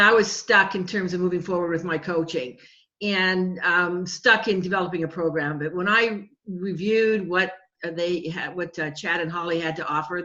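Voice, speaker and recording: A woman's voice: fairly low pitch, a bit bright. Earnest woman on dull lo-fi audio. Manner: halting, repeats words, earnest. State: emotional. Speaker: coaching client giving a testimonial. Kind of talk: heartfelt spoken testimonial. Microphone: video call.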